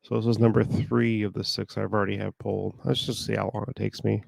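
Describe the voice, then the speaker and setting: A man with a gravelly, somewhat low voice talks in a flat monotone, a sore throat weighing on it. He rambles casually as he works at his computer. The sound is close and dry. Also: fast, dry recording. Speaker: online reseller. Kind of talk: casual talk while working.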